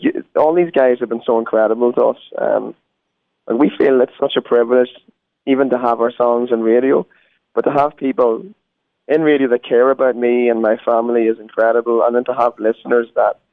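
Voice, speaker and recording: A man's voice: medium pitch, vocal fry, dry recording. An Irish man, a guest musician, talking earnestly in a phone interview. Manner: earnest, preacherly. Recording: tinny phone line.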